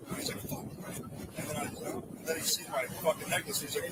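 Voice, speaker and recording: A man excitedly telling police about a dispute, swearing and acting out the other man's lines. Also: high voice, quick pace, far from the mic, heavy background noise. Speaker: man involved in a roadside dispute. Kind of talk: agitated account to police.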